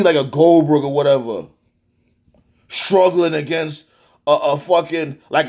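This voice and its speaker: A man with a high, light voice rants about a wrestling match, swearing freely and sounding exasperated. He talks in a loose, animated way and often stops to restart his sentences. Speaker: wrestling reviewer. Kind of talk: profane ranting review.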